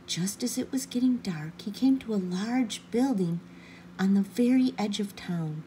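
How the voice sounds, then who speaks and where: A woman reading a children's picture book aloud with gentle, expressive narration. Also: medium pitch, measured pace, slight background noise. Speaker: children's story reader. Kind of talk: storybook read-aloud.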